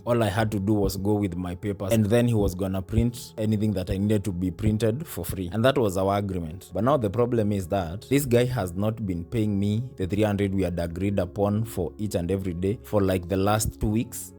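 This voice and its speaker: A Kenyan man with a low, mellow voice narrates his vlog in a casual, exasperated way. Soft music plays quietly underneath. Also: a little fast, few pauses. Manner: exasperated storytelling, mixing English and Swahili slang. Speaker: vlogger.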